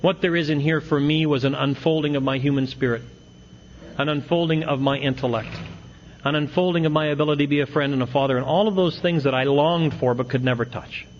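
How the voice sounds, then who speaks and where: Slightly fast and fairly even in intonation, his voice sits on the high side. This middle-aged man addresses an AA meeting hall full of listeners with a self-mocking recovery story laced with wry humor, preserved on dull lo-fi tape with faint hiss.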